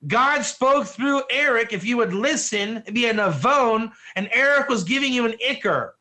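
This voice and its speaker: Emphatic high-voiced man teaching Torah. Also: expressive, moderate pace, sharp tone. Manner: emphatic, asks the audience rhetorical questions. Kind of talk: interactive online Torah class.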